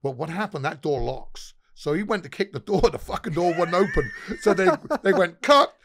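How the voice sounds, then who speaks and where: A man's voice: fairly high pitch, animated, moderate pace, vocal fry, slight background noise. A middle-aged man, a pub owner guest, telling stories animatedly with lots of swearing and acted-out dialogue. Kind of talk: casual storytelling.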